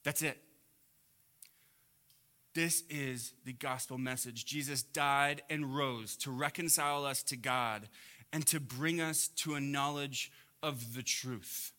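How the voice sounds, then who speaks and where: A man preaching a sermon to a congregation, swinging between loud emphatic peaks and quiet low asides. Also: fairly even intonation, a little slow. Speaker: pastor.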